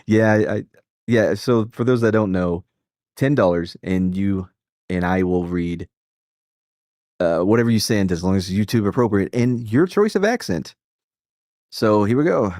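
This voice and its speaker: A male live-stream host with a lowish voice rambles through loose opinions and swears freely. He keeps cutting himself off and restarting. The sound is dry and close-miked. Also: animated, normal speed, pauses often, darkish tone, no room sound. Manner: rambling and profane, with many restarts and self-interruptions. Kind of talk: casual live-stream chat.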